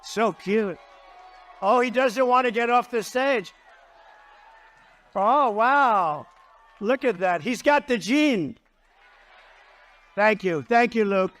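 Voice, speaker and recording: A man's voice: very high voice, lively intonation, slow pace, long pauses, fairly bright tone, some chatter behind. An older man giving a campaign rally speech, rambling and repeating himself with boastful asides. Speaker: political candidate. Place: political rally stage.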